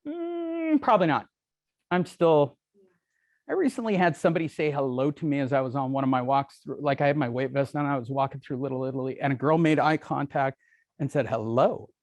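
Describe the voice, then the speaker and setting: Man, middle-aged, seminar speaker, joking and self-deprecating, slightly high voice. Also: a little fast, a little mellow, no echo. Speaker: real estate speaker. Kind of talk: live seminar talk to a room. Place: meeting room with audience.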